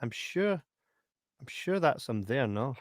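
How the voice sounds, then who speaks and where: A man with a Scottish accent co-hosting a podcast in casual chat, playful and quick to laugh. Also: medium pitch, no room sound, studio quality. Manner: playful, laughs often, lively banter. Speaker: podcast co-host.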